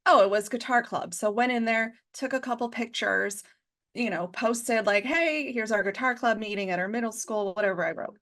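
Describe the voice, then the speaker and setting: A woman from a school district's communications office, speaking as a podcast guest. She talks in a relaxed, chatty way, fills her sentences with casual fillers, and laughs easily. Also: fairly high pitch, normal speed. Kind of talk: casual conversational interview.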